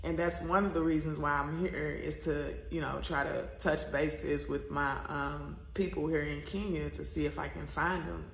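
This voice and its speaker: A woman's voice: low-pitched, steady tone, moderate pace, vocal fry, hardly any pauses, roomy sound. A woman from the United States telling a personal story to camera in a rambling, candid way, full of fillers and restarts. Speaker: vlogger.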